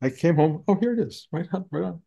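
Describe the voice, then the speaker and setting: A man's voice: a little high, animated, fairly quick, gravelly, dark tone, husky, muffled recording. An older man telling stories in a casual spiritual talk over a video call, rambling with many restarts.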